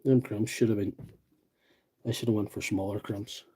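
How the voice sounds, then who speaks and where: A man with a rural County Derry accent from Northern Ireland hosts a repair livestream, chatting casually in a rambling, self-deprecating way as he fixes tools. His voice is lowish and dark, slightly rough, with fairly even intonation and a moderate pace.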